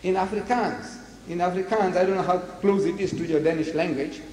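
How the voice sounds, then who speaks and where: A South African man giving a public lecture, animated, throwing rhetorical questions at the audience. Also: sits high, fairly quick. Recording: echoey hall with faint noise, archive lecture.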